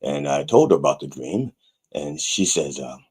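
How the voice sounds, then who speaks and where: A man hosting a comic sermon show, rambling with wry, deadpan asides. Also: very deep voice, moderate pace, slightly rough. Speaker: pastor and show host.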